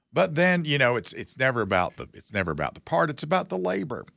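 Brief: male talk host, mocking and folksy, with a gravelly, lively voice and a dry sound. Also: mid-range voice, fast talker, hardly any pauses, dry recording. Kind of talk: casual political commentary.

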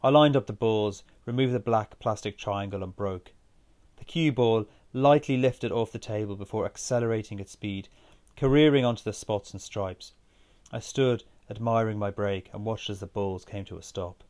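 Low-voiced man reading a story. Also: moderate pace, a little mellow. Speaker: narrator. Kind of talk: reading a first-person story aloud.

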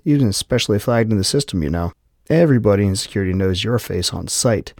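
A man's voice: on the low side, animated, quick pace, a little mellow, no room sound, studio quality. A man voicing a nervous, defiant male security guard who curses in exasperation. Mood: wary. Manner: exasperated, cursing.

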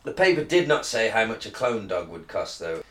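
A man's voice: on the low side, big pitch swings, moderate pace, fairly bright tone. A man co-hosting a podcast, reading news aloud in a crude, joking way and slurring a little after a beer. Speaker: podcast co-host. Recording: roomy echo.

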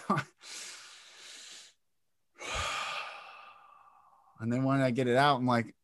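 A man's voice: mid-range voice, steady tone, very slow, pauses often, fairly bright tone, no room sound, clean studio sound. Intense man telling a raw story. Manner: intense, emotional storytelling, swears freely. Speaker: podcast guest. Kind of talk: candid interview talk.

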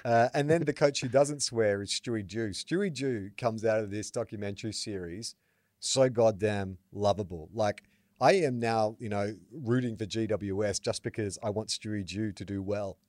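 Lively Australian man, deep and dry. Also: normal speed, no echo. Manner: animated storyteller, acts out quotes loudly. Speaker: podcast co-host. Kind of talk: casual chat.

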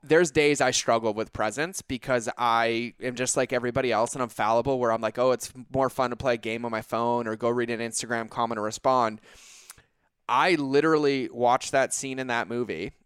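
Smooth-voiced thoughtful male podcast host. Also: mid-range voice, fairly even intonation, fairly quick, a bit bright, no room sound. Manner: thoughtful and heartfelt, reflective. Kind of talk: casual podcast conversation.

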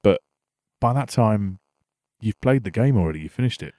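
A man's voice: on the low side, animated, normal speed, warm tone, no room sound, clean studio sound. A man co-hosting a casual gaming podcast, enthusiastic and loose, with many fillers. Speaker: podcast co-host.

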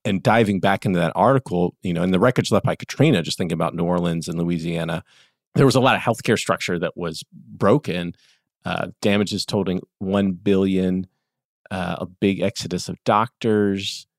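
A man's voice: low-pitched, normal speed, gravelly, no room sound, studio quality. A man with a Southern US accent co-hosting a podcast, explaining earnestly and chuckling now and then. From American South. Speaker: podcast co-host. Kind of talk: casual discussion podcast.

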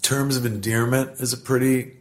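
A middle-aged man talks as a podcast guest, telling stories with plenty of swearing. His voice sits at an ordinary middle pitch, and he goes at his stories with animated energy. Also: moderate pace. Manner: animated, profane storytelling. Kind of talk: casual podcast conversation.

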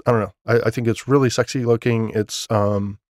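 A man hosting his own podcast, rambling casually with plenty of "um"s and restarts. His voice sits at an ordinary middle pitch. The recording is dry and close, with no room sound. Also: fairly even intonation, a little fast, darkish tone, dry recording. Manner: enthusiastic about his setup. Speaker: podcast host. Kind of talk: solo podcast monologue.

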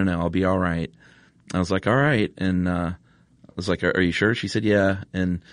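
A man hosting a podcast, telling a story in a relaxed, rambling way with lots of fillers, then chatting casually. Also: deep voice, no room sound, clean studio sound. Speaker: podcast host.

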